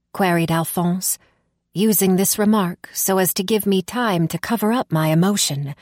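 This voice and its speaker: A woman reading a story aloud in a steady, even storytelling manner, close to the mic. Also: lowish voice, normal speed, no room sound. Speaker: audiobook reader. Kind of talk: scripted narration.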